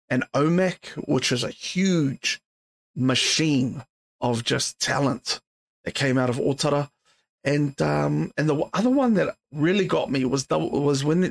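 A tired man, yawning late at night, hosts his podcast solo in a medium-pitched, creaky voice. He rambles casually, full of fillers and swearing, in a relaxed one-person chat.

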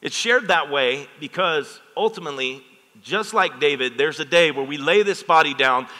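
In a church sanctuary with long hall reverb, a middle-aged male pastor preaches a sermon at a moderate pace, his voice fairly high and sharp. He talks with the congregation in call-and-response asides and asks them for amens.

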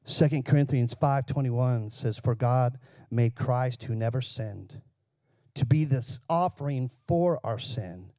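A man's voice: mid-range voice, unhurried, warm tone, no room sound. A male pastor preaching a conversational sermon, asking the congregation questions and joking now and then.

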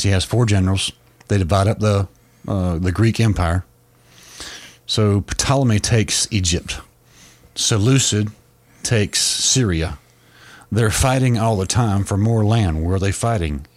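A man's voice: lowish voice, unhurried. A man co-hosting a podcast, explaining a long story in a casual way, with frequent restarts. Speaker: podcast co-host.

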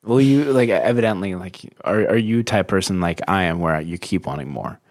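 A deep-voiced man hosts a podcast in a loose, conversational way. He rambles through his questions and swears freely. The talk stays chatty and informal. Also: fairly quick. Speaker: podcast host. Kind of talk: casual interview chat.

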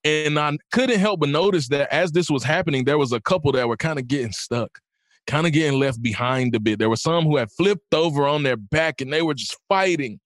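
A man's voice: a little high, a little fast, no room sound, studio quality. A man, a guest and inspirational speaker, telling a personal story in an interview and rising into an impassioned, sermon-like encouragement. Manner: builds from calm storytelling to rising preacher-like exhortation.

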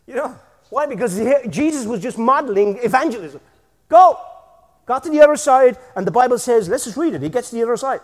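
A man preaching energetically in a church, with bursts of shouting and a constant "amen?". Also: extremely high pitch, expressive, brisk, in a large hall. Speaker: pastor. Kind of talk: sermon.

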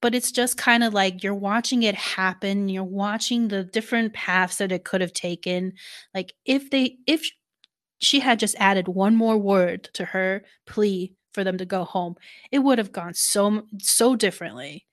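A woman's voice: medium pitch, normal speed. Thoughtful woman chatting casually. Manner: thoughtful, full of filler words. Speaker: podcast co-host. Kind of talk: casual chat recapping a TV series.

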